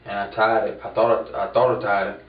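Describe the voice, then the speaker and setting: Halting man under interrogation. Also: lowish voice, level tone. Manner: hesitant, halting, repeats himself. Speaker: suspect being interrogated. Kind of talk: police interrogation. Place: interrogation room. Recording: roomy, distant, dull archive tape with faint noise.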